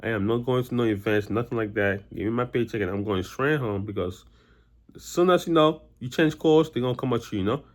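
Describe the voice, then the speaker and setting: A man's voice: medium pitch, fairly quick. A man talking casually to camera about his job, rambling and repeating himself with lots of filler, blunt and exasperated. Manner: rambling, repeats himself with many "you know"s. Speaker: vlogger. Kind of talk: casual monologue.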